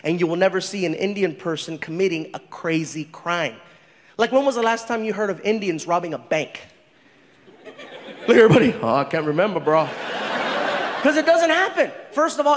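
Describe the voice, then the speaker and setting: A man performing an animated stand-up comedy set, acting out voices as he tells stories. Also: high voice, fairly quick, a little hiss or hum. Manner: animated storytelling with acted-out voices. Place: large comedy venue. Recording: echoey venue with loud crowd. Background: audience laughter.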